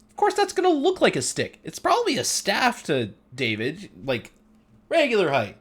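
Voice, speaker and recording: A man's voice: mid-range voice, wildly swooping pitch, normal speed, husky. A man casually retelling a Bible story in slangy, playful speech, putting on voices for the characters. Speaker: host.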